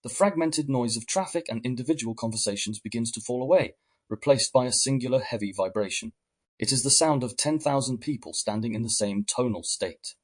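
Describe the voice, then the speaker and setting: A man giving calm scripted guided narration, speaking to the listener in the second person. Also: mid-range voice, brisk.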